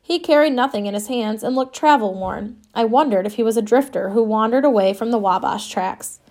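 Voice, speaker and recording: Brief: woman narrator, first-person audiobook, wry and wistful, somewhat high voice. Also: a little fast, a little mellow.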